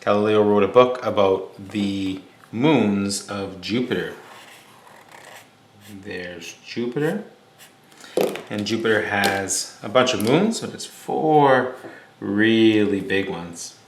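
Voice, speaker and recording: A man's voice: on the low side, slow pace, pauses often. Male teacher telling a story in an echoey room. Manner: casual, explanatory, with fillers and restarts. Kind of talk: storytelling lecture. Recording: echoey room with faint hum.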